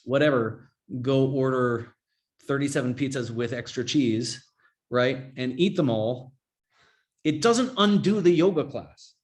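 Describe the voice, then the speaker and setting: A man's voice: medium pitch, a little slow. A man teaching a yoga and Buddhism class in a casual, chatty way, often checking in with "right?". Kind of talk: informal class talk.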